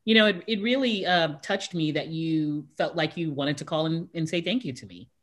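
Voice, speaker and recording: A woman hosting an interview, excitably telling a story and acting out her own reactions with frequent laughs. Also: low-pitched, moderate pace. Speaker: talk show host, voiceover artist. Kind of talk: casual interview chat.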